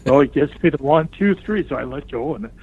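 Fairly high-pitched and a little fast with a breathy edge, an older retired pro wrestler tells a long anecdote in an interview. He animatedly acts out what others said in a raised voice, and the sound is tinny, like a phone line.

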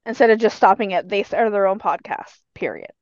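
A woman's voice: mid-range voice, lively intonation, fairly quick, dry recording, lo-fi sound. A woman co-hosting a podcast, chatting in an upbeat way and telling stories. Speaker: podcast co-host. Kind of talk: casual chat.

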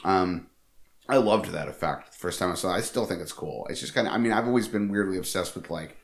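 Gravelly male podcaster, casual and amused, rambling movie talk. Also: deep voice, quick pace. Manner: rambling, amused, laughs often. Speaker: podcast co-host.

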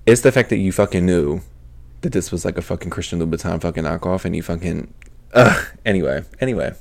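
Man, low voice, young adult, podcast host, casual rant, heavy swearing, animated. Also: fast talker, vocal fry. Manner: profane, animated, swears constantly.

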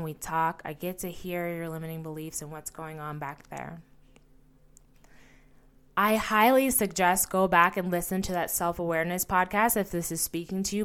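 A young adult woman hosting a solo coaching podcast, gently encouraging the listener and asking them questions. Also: on the low side, smooth. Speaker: life coach and podcast host.

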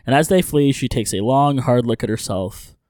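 A man's voice: medium pitch, normal speed, dry recording. Guy podcaster running thru a tv episode recap, jokey asides, dry close sound. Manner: lively recap narration with joking asides. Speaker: podcast co-host. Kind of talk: casual episode recap chat.

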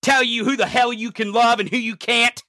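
Super bright tense voice, swearing nonstop in an angry political rant, dry close sound. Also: steady tone, moderate pace, no room sound. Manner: profane, furious, swings from low growls to shouts. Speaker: political commentator.

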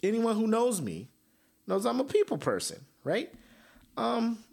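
A man's voice: sits high, wildly swooping pitch, unhurried, creaky, darkish tone. A man hosting a casual solo podcast, joking and trash-talking with frequent laughs. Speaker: podcast host.

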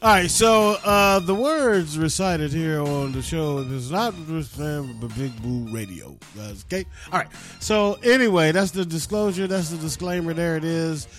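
A man's voice: fairly high pitch, lively intonation, unhurried, hardly any pauses, a bit bright, faint music behind. A man hosting a talk radio show, loose and casual, cursing freely as he talks. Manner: loose, laid-back, swearing freely. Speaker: radio host.

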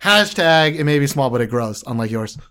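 A man's voice: medium pitch, lively intonation, fairly quick, pushed and bright. A man co-hosting a casual podcast, joking and getting defensive in a loose back-and-forth. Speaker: podcast co-host. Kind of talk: casual chat.

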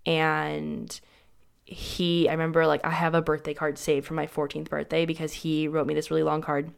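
A young adult woman tells her story candidly as a guest. Her voice sits low and has a gravelly fry. She talks in a loose, casual way, full of "like" and restarted sentences. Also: completely flat delivery, normal speed. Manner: casual, heavy use of "like", frequent restarts.

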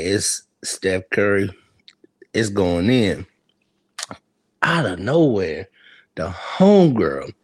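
A podcast co-host with a lowish voice casually tells a story, laughing often and animatedly acting out what people said. There's no echo on the recording.

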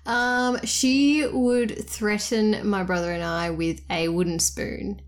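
A woman chatting as a podcast co-host. She tells stories in a relaxed, dry, offhand way and laughs easily between lines. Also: mid-range voice, takes it slowly. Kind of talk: casual chat.

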